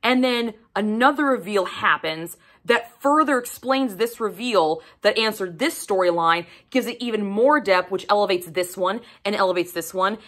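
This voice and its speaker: Woman, young adult, bright tone; casual book vlogger, blunt and profane, very animated delivery. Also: medium pitch, normal speed, few pauses. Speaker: book reviewer. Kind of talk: casual book review vlog.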